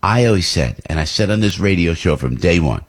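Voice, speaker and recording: A man's voice: low-pitched, lively intonation, fairly quick, breathy edge. A talk radio host from New Jersey giving opinionated commentary, rambling and restarting his sentences often. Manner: rambling, with many restarts and repeats.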